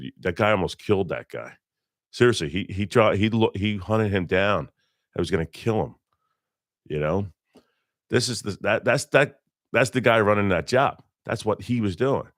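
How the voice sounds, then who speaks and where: A middle-aged man speaks in a low, deep voice in a casual interview. His stories come out blunt and rambling, and he keeps correcting himself mid-thought. The recording is close and dry, with no room sound. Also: dry recording. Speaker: interview guest, electrician. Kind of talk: casual storytelling.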